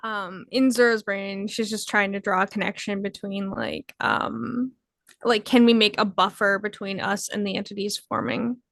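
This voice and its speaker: A woman's voice: mid-range voice, steady tone, moderate pace, vocal fry, a bit bright, dry recording, clean studio sound. A woman playing a tabletop game, thinking aloud tentatively with many fillers. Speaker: player.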